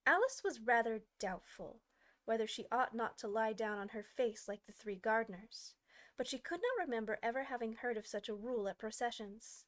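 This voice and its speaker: Expressive woman narrating a classic tale. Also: a little high, normal speed. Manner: expressive storytelling with varied pacing. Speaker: audiobook reader. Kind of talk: scripted audiobook narration.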